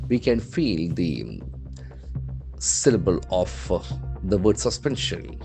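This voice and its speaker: A man with an Indian English accent teaching English words from a newspaper, spelling them out letter by letter and repeating each word slowly. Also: low-pitched, very animated, vocal fry, a little mellow, faint music behind. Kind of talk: newspaper vocabulary lesson.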